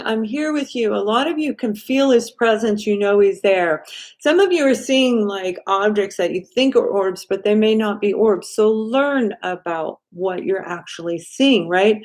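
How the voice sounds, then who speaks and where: Chatty woman reading cards on a live stream. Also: mid-range voice. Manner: animated, talks straight to viewers, often adds "right?". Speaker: intuitive card reader hosting a live stream.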